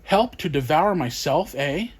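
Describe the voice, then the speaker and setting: A desperate talking carp who was once a rich master, begging for his life in a high, strained voice, as a man puts it on in a storybook reading. He pleads and wails with growing panic. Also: animated, measured pace, breathy edge. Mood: indignant.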